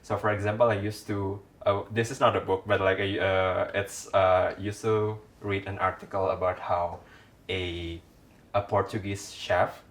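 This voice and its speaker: A man's voice: deep voice, level tone, measured pace, fairly bright tone, distant mic. A man talking as a podcast guest in a casual conversation, hesitant, with many fillers and restarts. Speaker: podcast guest, food writer.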